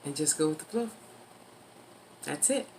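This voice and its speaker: This woman has a low, deep speaking voice and talks loosely to her viewers, drifting between asides and advice. She stretches some words out slowly for emphasis. A faint hiss runs under the recording. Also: animated, a little mellow, rough recording. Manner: rambling, chatty, yawning, drawn-out emphasis. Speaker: vlogger giving life advice. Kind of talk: casual talk to camera.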